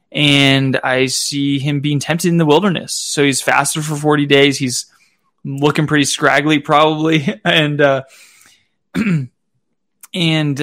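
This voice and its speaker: A man leading a rosary, talking through his meditation in a casual, halting way with fillers, then reciting a prayer. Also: a little high, a bit bright, no echo, studio quality. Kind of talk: reflective spoken meditation.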